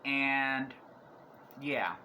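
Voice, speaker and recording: A man with a bright, forceful voice that is turning hoarse. He rambles through a casual movie review and keeps cutting himself off to start sentences again. Faint background noise sits under him. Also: medium pitch, drawn-out words. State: losing his voice.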